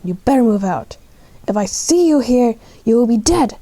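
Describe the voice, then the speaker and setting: A woman's voice: fairly high pitch, expressive, normal speed, dark tone, dry recording. A woman playing a menacing wolf. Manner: threatening. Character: threatening wolf, menacing pack leader.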